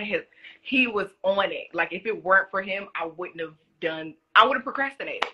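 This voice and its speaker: A young woman chatting casually on a phone livestream, animated and giggly, rambling and restarting as she answers viewers' comments. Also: medium pitch, normal speed, slightly rough, lo-fi sound. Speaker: former reality show contestant.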